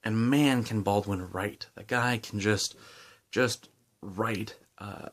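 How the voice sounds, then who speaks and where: Man, lowish voice, casual book vlogger, rambling and enthusiastic, gum in his mouth. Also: takes it slowly. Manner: enthusiastic, rambling with many fillers and restarts. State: chewing gum. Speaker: book reviewer. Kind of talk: casual book review vlog.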